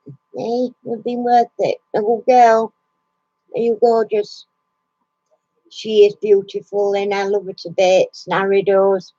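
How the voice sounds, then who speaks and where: A woman's voice: mid-range voice, dark tone, no echo, dull audio. A woman hosting a casual live chat from her recliner at home, chatty and laughing often. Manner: chatty, laughs often, coos baby talk to her dog. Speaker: live stream host.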